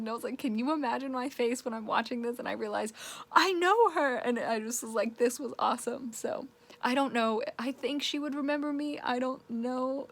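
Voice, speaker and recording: A young woman chatting casually in a daily vlog, rambling from topic to topic and sometimes getting worked up. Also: a little high. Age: young adult. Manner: rambling, chatty, rising to exasperated rants. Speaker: vlogger.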